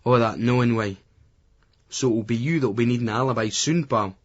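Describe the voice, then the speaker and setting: Guy doing a cocky scottish lad, loud and ranty, a bit husky, muffled old tape. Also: mid-range voice, fairly quick, natural voice. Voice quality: ranting, swaggering.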